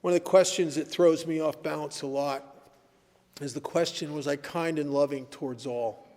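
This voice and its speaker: A man speaking at a recovery meeting, telling stories in an animated way and laughing at his own tales. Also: on the high side, normal speed. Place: meeting hall. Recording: echoey hall recording.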